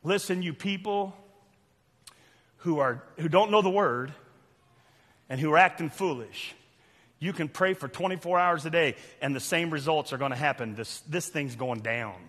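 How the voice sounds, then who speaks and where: An older man with a Southern US accent preaching a fiery sermon, loud and preachy with sudden shouts and quiet asides. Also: fairly high pitch, normal speed, husky. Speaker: pastor. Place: church sanctuary. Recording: long church hall reverb.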